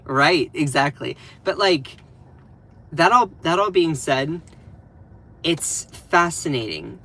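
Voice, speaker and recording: A man's voice: fairly high pitch, a bit bright. A man with a Southern US accent giving casual live-stream commentary, emphatic and repeating phrases for stress.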